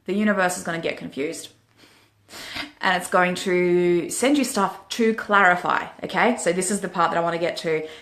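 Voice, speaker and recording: A woman with an Australian accent giving frank, lively spiritual relationship advice in a casual vlog, sometimes laughing at herself. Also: lowish voice, normal speed, reverberant.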